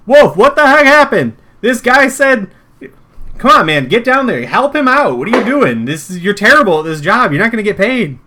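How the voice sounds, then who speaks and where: Man doing bossy yelling factory workers. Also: very high voice, wildly swooping pitch, moderate pace, hardly any pauses, noisy background, pitched above the performer's own voice, exaggerated voice. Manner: loud, exasperated yelling.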